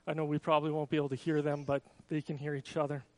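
A man with a fairly high voice speaks as a pastor, chatty and relaxed, often restarting his sentences. The sound is dry and close, with little room in it. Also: rapid-fire, dry recording. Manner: casual and chatty, with many restarts. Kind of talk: church service announcements and baby dedication.

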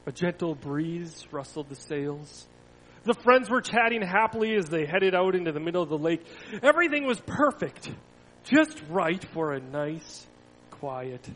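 Pastor guy reading a kids story in church, high-ish voice, dramatic then hushed, long echo. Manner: expressive storytelling, swelling loud then dropping to a hush. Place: church sanctuary. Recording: long reverb of a church hall.

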